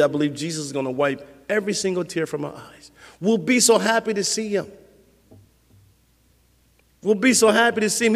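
A man preaching a sermon as pastor, conversational and lively, acting out little scenes for his listeners. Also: high-pitched, long reverb tail.

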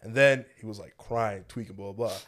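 A man's voice: fairly low pitch, fairly quick. A man co-hosting a podcast, telling a story in casual chat with heavy slang. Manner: animated storytelling, heavy slang, laughs often. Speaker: podcast co-host.

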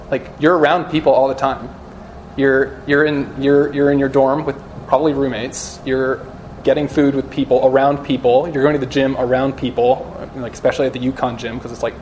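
A man's voice: mid-range voice, slight background noise. A young man giving a casual sermon-style talk to a live audience of students, chatty and joking, full of "like" and "you know". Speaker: speaker at a campus student gathering.

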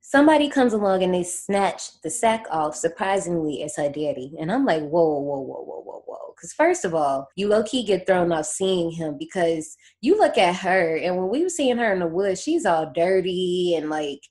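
Woman, podcast host, slightly low voice, animated, laughs a lot, slangy. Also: moderate pace, hardly any pauses. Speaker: podcast host recapping a horror movie. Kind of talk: casual chat.

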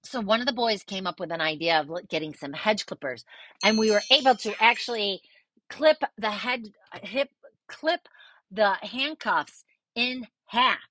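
A middle-aged woman hosting a podcast, casually telling a personal story, animated, swearing freely and acting out what people said. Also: medium pitch, unhurried, no room sound. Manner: animated, swears freely, acts out quoted voices.

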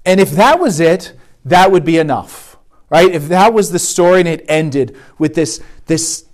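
A man's voice: fairly high pitch, animated, a little slow. Conversational man giving a sermon. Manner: conversational, asks the room "right?" often. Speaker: retreat speaker. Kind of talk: sermon talk.

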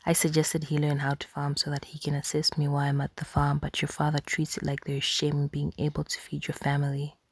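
A tired farming mother murmurs in a resigned hush, as a woman whispers her part. The whispered role-play is deep and a little gravelly, with a dry sound. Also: monotone, fast, hardly any pauses, dry recording, heavily acted. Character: weary mother, a humble farmer.

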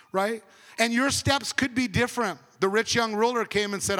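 A man preaching a conversational sermon as pastor, swinging between emphatic and hushed. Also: extremely high pitch, moderate pace, in a large hall.

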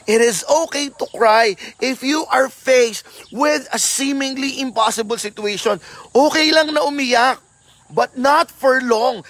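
High-voiced Filipino man preaching. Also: a bit bright. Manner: mixes English and Tagalog, slows down for emphasis. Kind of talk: sermon.

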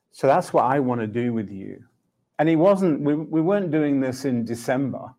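A middle-aged man recounts a personal faith story in an easy conversational way. He is reflective, laughs readily and voices the exchanges he describes. His pitch sits in a plain middle range. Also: lively intonation, moderate pace, a little mellow. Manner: reflective, laughs often, acts out dialogue with God. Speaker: Christian speaker.

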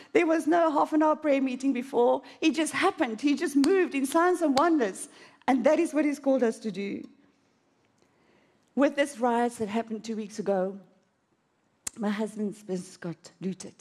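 A woman's voice: high voice, normal speed, darkish tone. A woman preaching a sermon in an auditorium, telling a personal story with dramatic swings of emotion.

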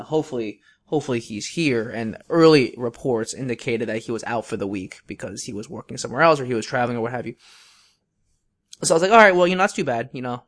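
A man's voice: medium pitch, fairly bright tone. A young man co-hosting a podcast, telling a long story in a casual, rambling way with many fillers and restarts. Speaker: podcast co-host.

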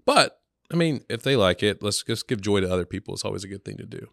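A man's voice: fairly low pitch, animated, quick pace, gravelly, fairly bright tone, no echo, clean studio sound. A man chatting casually, telling family stories with frequent laughter and acted-out quotes. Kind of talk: casual storytelling chat.

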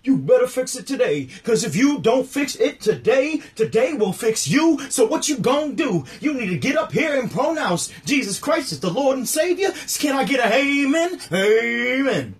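A man impersonating a fiery male end-times preacher who shouts and calls for amens. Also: extremely high pitch, sing-song, voice pushed up. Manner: shouting, drawn-out calls for amen.

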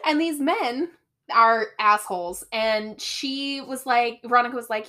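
A woman's voice: on the high side, a little slow. A young woman co-hosting a podcast, animatedly retelling a book's plot and mimicking its characters. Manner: animated storytelling, mimics characters, laughs often. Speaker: podcast co-host. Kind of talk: casual chat comparing book and movie.

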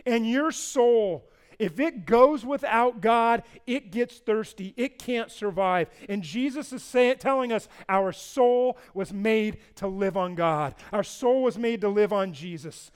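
High, smooth-voiced male pastor preaching. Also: takes it slowly. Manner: preaching, swings between loud proclamations and quiet asides; asks the congregation questions. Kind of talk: sermon.

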